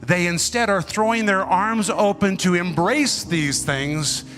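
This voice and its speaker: A man preaching a sermon with emphatic, dramatic delivery, pausing and swinging between loud and soft. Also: sits high, soft background music.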